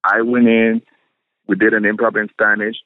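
A man telling stories as an actor guest in a casual interview, animated and profane, laughing often. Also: on the low side, moderate pace, no echo, phone-quality sound.

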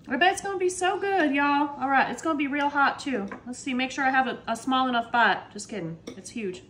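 A woman's voice: high-pitched, fairly bright tone, a little hiss or hum. A woman chatting casually to viewers as she cooks in her home kitchen, calling them y'all. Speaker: cooking vlogger. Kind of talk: casual cooking vlog.

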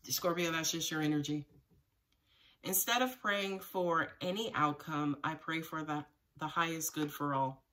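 This tarot reader has a low, slightly slow, somewhat bright voice and sits far from the microphone. Reading cards live for her audience, she keeps it casual and profane, addressing viewers directly and laughing frequently.

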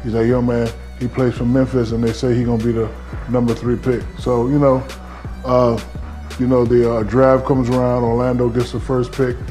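Ex-pro baller guy telling a story, rambly and chill, lots of uh you know, mid pitch. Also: flat delivery, normal speed, dark tone, soft background music. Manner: rambling, filler-heavy, laid-back. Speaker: former pro basketball player. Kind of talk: casual storytelling interview.

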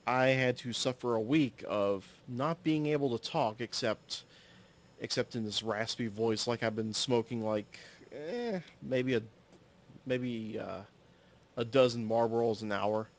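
A man's voice: medium pitch, measured pace. Rambling man telling a personal story. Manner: rambling, self-correcting, swears for emphasis. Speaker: solo podcaster. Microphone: audio-only recording, no camera.

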